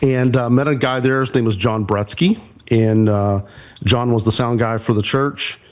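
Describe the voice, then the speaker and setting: A man's voice: medium pitch, fairly even intonation, normal speed. Easygoing man telling stories. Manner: easygoing storyteller, polite "sir". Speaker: church production pastor, guest. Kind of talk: casual podcast interview.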